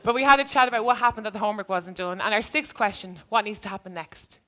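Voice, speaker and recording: Woman giving a talk, earnest and reflective, mid pitch, telling a story from her teaching days. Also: quick pace, bright, forceful tone. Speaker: speaker, former teacher. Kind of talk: live storytelling talk to an audience.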